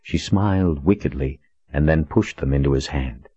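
A man narrating a story in a steady, deliberate reading style. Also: very deep voice, husky, dry recording, lo-fi sound. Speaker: audiobook narrator. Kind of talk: scripted narration.

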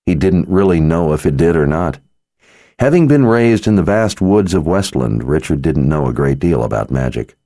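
Deep, dark-voiced male narrator. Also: expressive, moderate pace, no echo, clean studio sound. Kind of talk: audiobook narration.

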